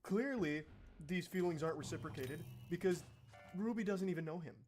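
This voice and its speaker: A man's voice: a little high, a little fast, a little mellow, faint music behind. A young man giving blunt, profane reaction commentary in a disgusted tone.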